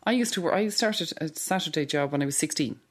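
A woman's voice: sits low, expressive, quick pace. A middle-aged Irish woman speaking candidly in a documentary interview, talking in a conversational way with many restarts.

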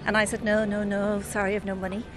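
A woman's voice: medium pitch, level tone, quick pace, music in the background. Irish woman telling a personal story.

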